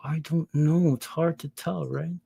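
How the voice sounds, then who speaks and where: A man's voice: fairly high pitch, steady tone, a little slow, creaky, mellow, husky, no room sound, studio quality. A man preaching an impassioned scripture lesson, pressing his listeners with rhetorical questions. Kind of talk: impassioned religious teaching.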